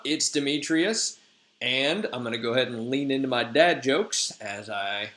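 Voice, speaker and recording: A man's voice: medium pitch, animated, moderate pace, fairly bright tone. A man in his thirties, a teacher retelling a play in chatty, jokey, slangy talk. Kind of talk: casual lesson retelling a play. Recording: echoey room.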